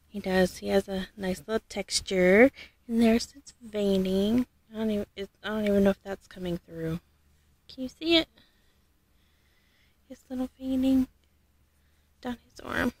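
A woman doing a casual unboxing vlog as a doll collector. She gushes, rambles and corrects herself, and often drops to a soft near-whisper. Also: mid-range voice, a little slow, pauses often.

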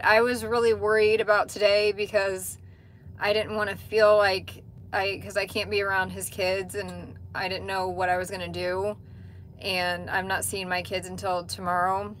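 A woman hosts a casual livestream from inside a truck cab, reading viewer comments and answering them. She talks in a candid, chatty way and swears casually. Her voice sits at a middle pitch, with a faint rumble in the background. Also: steady tone, normal speed, fairly bright tone. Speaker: livestream host.

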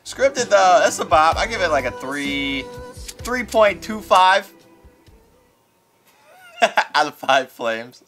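A young man hosting radio, giving an excitable casual reaction to an album in a studio as he rates each track. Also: on the high side, unhurried. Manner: excitable, rates tracks in flames, laughs often. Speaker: radio host reviewing an album. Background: music playing.

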